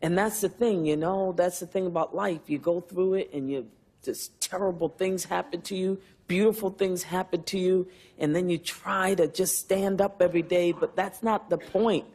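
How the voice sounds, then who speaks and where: A woman's voice: lowish voice, normal speed, darkish tone. A woman in her fifties, an actress answering questions backstage in a press room, speaking in a reflective, heartfelt way. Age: 50s. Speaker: award-winning actress, interview guest.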